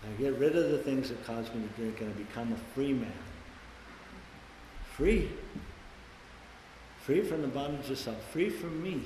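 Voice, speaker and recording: An older man giving a blunt personal testimony at a recovery meeting, swearing casually and loudly acting out the things people said. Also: mid-range voice, a little slow, long pauses, a little hiss or hum. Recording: echoey hall with faint ambience.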